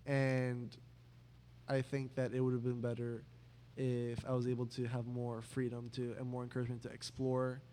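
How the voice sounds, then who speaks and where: Two brothers trade jokes on a home podcast. This young man speaks in a middle-pitched voice, circling his points with lots of false starts and restarts. He teases his sibling with dry sarcasm. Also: monotone, normal speed, warm tone, slight background noise. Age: young adult. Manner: rambling, many restarts, dry sarcastic teasing. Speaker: podcast host. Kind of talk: casual sibling chat.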